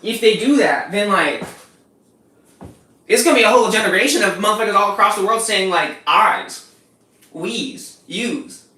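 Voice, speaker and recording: A woman's voice: medium pitch, brisk, pauses often, pushed and bright, reverberant, distant mic, low-quality recording. A young woman with an African American English accent, chatting casually and profanely while cooking on a stream, often laughing and talking back to her chat. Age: young adult.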